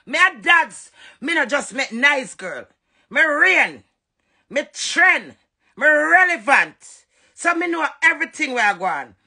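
A woman's voice: sits high, very animated, measured pace, gravelly, bright, forceful tone. A Jamaican woman on a live stream, scolding another woman in a heated, confrontational rant, often mimicking what others said. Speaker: social media personality on a live stream.

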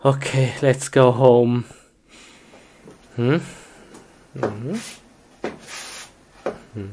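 Low-voiced woman with noisy background. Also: extremely slow. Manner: playful, exclamatory, simple broken English. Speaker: comedy skit performer. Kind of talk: acted comedy skit narration. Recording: steady background noise.

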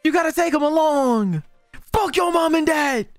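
Male reaction host, casual, excitable and profane, very lively pitch. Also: moderate pace, faint music behind. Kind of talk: casual cartoon reaction commentary.

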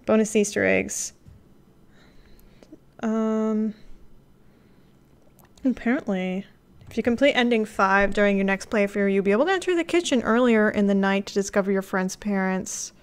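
A woman streaming a live game playthrough, reading the on-screen text aloud and reacting with excited gasps and laughter. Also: medium pitch, clear, resonant tone.

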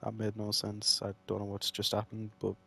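A man's voice: on the low side, completely flat delivery, normal speed, gravelly, background noise. A man doing let's play commentary, swearing and ranting at the game in mock fury. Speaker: gamer playing a horror game.

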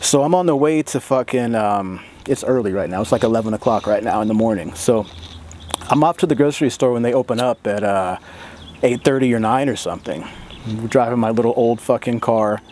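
A man talks straight to his audience in a loose, swearing, laugh-filled storytelling vlog. His voice sits at an ordinary middle pitch. A faint hum of ambient noise runs under it. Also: a little fast. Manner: profane, laughing, animated storyteller. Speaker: vlogger.

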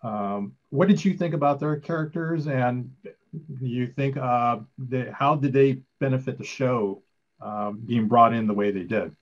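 Male interviewer with a mid-pitched voice, asking plain questions on a dull, lo-fi recording. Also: unhurried. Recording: dull lo-fi sound.

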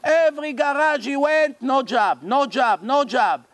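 A man's voice: very high voice, unhurried, fairly bright tone, no echo. A man giving a religious lecture, telling a story and acting out its characters' lines. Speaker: rabbi. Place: lecture hall.

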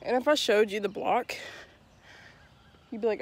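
A woman's voice: a little high, steady tone, normal speed, pauses often. A young woman rambling in a casual, self-deprecating way while filming herself out of breath on a walk through her neighborhood. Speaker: vlogger. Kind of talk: casual walking vlog. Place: outdoors walking around a neighborhood. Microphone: handheld phone at arm's length.

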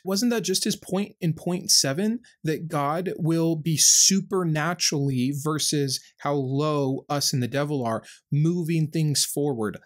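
A man's voice: fairly high pitch, fairly bright tone. A man hosting a reaction video, giving impassioned and earnest critical commentary.

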